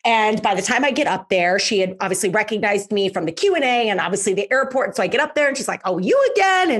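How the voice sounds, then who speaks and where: A woman with a slightly husky, breathy voice hosts her podcast, telling a story in a relaxed monologue. She talks in a chatty way with fillers and punches key words by saying them again. Her pitch sits in the middle range for a woman. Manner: lively, emphatic, repeats words for effect. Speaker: podcast host.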